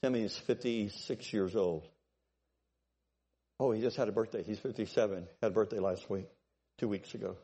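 A pastor in his sixties preaching a sermon, exhorting and building to forceful peaks. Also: lowish voice, moderate pace, long pauses, breathy edge.

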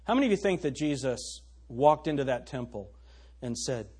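A man's voice: medium pitch, big pitch swings, normal speed, darkish tone, slightly rough. A male pastor preaching a sermon, reading scripture aloud and pressing the congregation with emphatic rhetorical questions.

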